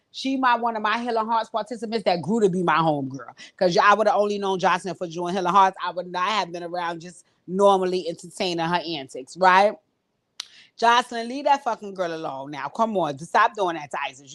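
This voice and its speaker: A woman hosting her own channel, recapping a reality show in a blunt, profane, animated style, laughing often and talking straight to her viewers. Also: medium pitch. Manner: frequent laughs and direct address to viewers. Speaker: host.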